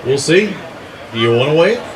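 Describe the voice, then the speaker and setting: Guy in his sixties running a weigh-in, teasing everyone, kinda high voice, crowd chatter around. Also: sing-song, a little fast, rough recording. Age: 60s. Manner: jokey, teasing, calls out names and weights. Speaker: tournament weigh-in emcee. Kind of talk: live event emceeing with banter. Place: outdoor fishing tournament weigh-in stage.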